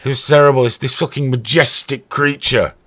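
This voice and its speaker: A man hosting a podcast, telling stories in a profane, animated way. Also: mid-range voice, fairly quick. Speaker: podcast host. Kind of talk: casual chat.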